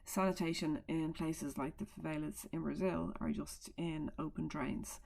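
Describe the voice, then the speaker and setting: Low, creaky-voiced woman teacher. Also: steady tone, moderate pace, a little mellow. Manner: chatty, explains with asides and fillers. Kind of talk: recorded remote lesson. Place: at home.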